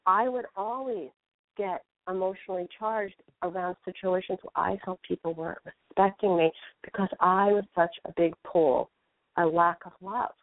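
A woman's voice: fairly low pitch, steady tone, normal speed. Earnest woman storyteller on a phone-like line. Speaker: spiritual teacher, guest. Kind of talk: casual radio interview talk. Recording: phone-like narrow dry sound.

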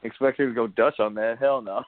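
A man's voice: medium pitch, normal speed, no room sound. A man in casual podcast chat, rambling with frequent laughs and restarts. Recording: tinny phone-like sound.

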